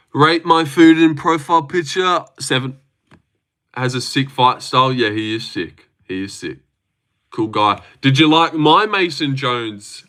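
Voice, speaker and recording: A man's voice: lowish voice, sharp tone. A man chatting casually on a livestream, rambling, swearing freely and reading out chat messages. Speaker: livestream host.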